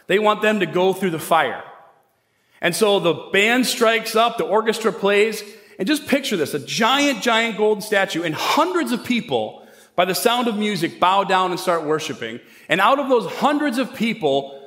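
A man preaching a sermon as pastor, retelling a story in a casual, conversational way with quick asides. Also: high-pitched, a bit bright. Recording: echoey hall with long reverb.

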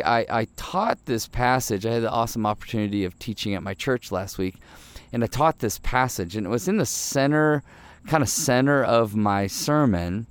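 A middle-aged man hosting a devotional podcast, talking in a relaxed, earnest way and telling stories with many fillers. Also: on the low side, dry recording. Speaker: podcast host.

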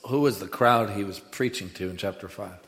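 A man's voice: on the low side, fairly quick, fairly bright tone. A man preaching a sermon with emphasis, leading the congregation in call-and-response. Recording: echoey hall with long reverb.

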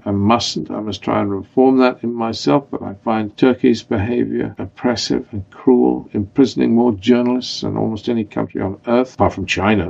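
Gravelly older man. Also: fairly low pitch, darkish tone. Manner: opinionated, rambling. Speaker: podcast host. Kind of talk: opinion podcast monologue. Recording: dull lo-fi recording.

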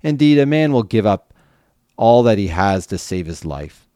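A man's voice: on the low side, very animated, normal speed, dark tone, no echo, clean studio sound. A man reading the lines of a scheming male spirit, an adversary who challenges God, delivered with some added lift. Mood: challenging.

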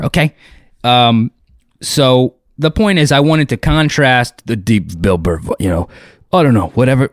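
A man's voice: medium pitch, expressive, moderate pace, dry recording, clean studio sound. A man, a comedian and impressionist, telling a rambling, profane, self-deprecating story in a casual way.

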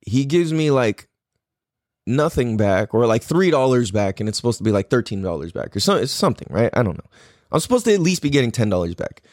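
Male podcast host, casual storytelling, swears a lot, lively swooping pitch, dry close sound. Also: a little fast, no echo. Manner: profane, slangy, rambling with restarts; animated, voice jumps up when riled.

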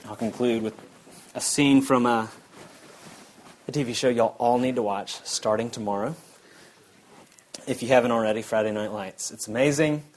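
A man, preaching a sermon in a conversational way that drops to a quiet intensity. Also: mid-range voice, fairly even intonation, moderate pace, long pauses, low-quality recording. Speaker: pastor.

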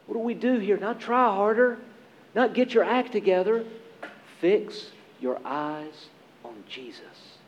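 A man preaching a sermon as pastor, earnest and emphatic, with dramatic pauses. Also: sits high, expressive, dull audio.

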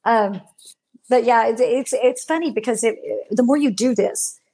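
Husky woman telling a ghost story. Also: fairly high pitch, moderate pace. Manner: animated storyteller, acts out voices she heard. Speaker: paranormal investigator recounting a session. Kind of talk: casual chat over a video call. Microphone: noise-canceling headphones on a video call.

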